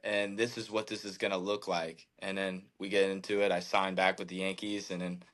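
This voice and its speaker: A man in his thirties, a podcast guest, telling a candid personal story in an earnest, halting way, with many fillers and restarts. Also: sits low, little pitch movement, fairly bright tone. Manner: emotional, reflective faith talk. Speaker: podcast guest, baseball pitcher.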